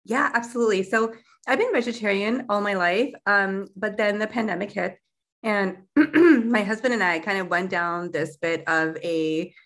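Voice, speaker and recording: A young adult woman, a food company founder, chatting as a guest in a casual interview and often filling pauses with um and like. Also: mid-range voice, a bit bright. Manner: chatty, many fillers like um and like.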